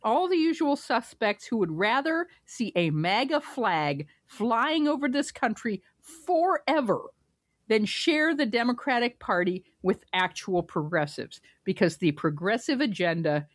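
A woman co-hosts a political podcast in a wry, amused tone and laughs often. Her pitch sits fairly high and moves around a lot. The sound is dry and close. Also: lively intonation, unhurried, no room sound. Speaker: podcast co-host. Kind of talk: casual political chat.

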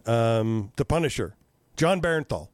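A man chatting casually, telling animated stories, swearing freely and acting out what people said. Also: medium pitch, measured pace, dry recording. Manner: animated storyteller, swears freely, acts out quotes. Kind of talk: casual chat.

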